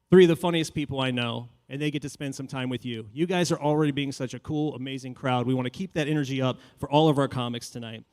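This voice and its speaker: A man doing animated stand-up comedy as host of a live show on a handheld mic. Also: fast talker, hardly any pauses. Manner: animated, jumps to high shouts in quoted asides.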